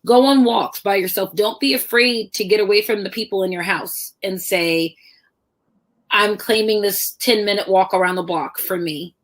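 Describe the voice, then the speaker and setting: A middle-aged woman author telling personal stories in a lively conversational talk, acting out the voices of people she quotes. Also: mid-range voice, normal speed. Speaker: author guest.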